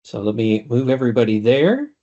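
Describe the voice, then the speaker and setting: A man's voice: mid-range voice, big pitch swings, fairly quick, dark tone, muffled recording. A man narrating a tabletop game as game master, describing scenes with frequent fillers.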